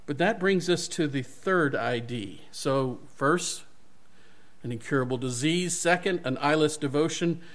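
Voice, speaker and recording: Animated man preaching a sermon. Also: on the high side, a little slow. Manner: animated storytelling, self-correcting. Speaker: pastor.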